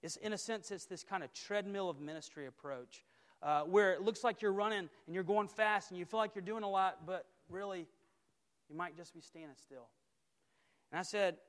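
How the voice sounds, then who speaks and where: Campus minister guy preaching, high voice, big echoey hall, repeats lines with building emphasis. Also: moderate pace. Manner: emphatic, building repeated phrases, dropping to quiet intensity. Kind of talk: sermon. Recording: long hall reverb.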